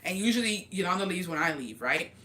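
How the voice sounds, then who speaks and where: A young woman telling a gossip story on her vlog, animated and full of profanity. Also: on the low side, brisk, a little hiss or hum. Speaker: vlogger.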